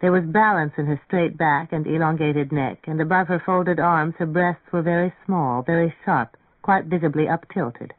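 A man's voice: fairly high pitch, moderate pace, hardly any pauses, no echo. Man reading an audiobook, dry phone-like sound. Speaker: narrator.

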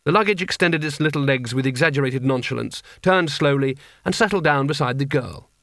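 A man narrating an audiobook in a dry, even storytelling manner. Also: mid-range voice, a little fast, dry recording.

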